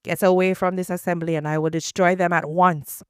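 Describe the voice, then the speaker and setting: A woman's voice: lowish voice, level tone, fairly quick, smooth, no room sound, studio quality, natural voice. A woman reading the lines of a wrathful male divine voice that issues commands. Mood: commanding.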